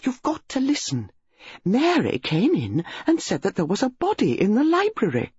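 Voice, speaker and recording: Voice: mid-range voice, wildly swooping pitch, moderate pace, darkish tone, husky, dry recording, pitched above the performer's own voice, full character voice. A reader voicing an insistent upper-class English wife who speaks urgently and firmly, in a dull lo-fi storybook recording. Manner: urgent, firm.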